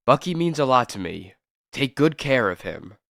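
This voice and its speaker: Brief: earnest hero, read by a man, lively pitch, dry sound. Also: normal speed, creaky, dry recording. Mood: concerned. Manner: earnest, protective. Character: earnest young male soldier hero.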